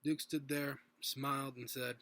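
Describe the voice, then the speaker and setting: A man's voice: mid-range voice, flat delivery, measured pace, pushed and bright, no echo. A man reading his own story aloud at home, unpolished, with restarts and little asides.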